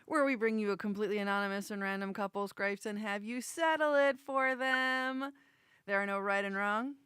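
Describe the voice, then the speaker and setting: A woman hosting a podcast in casual chat, joking and swearing freely, with drawn-out segment intros. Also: medium pitch, fairly even intonation, fairly bright tone, clean tone, faint music behind. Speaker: podcast host.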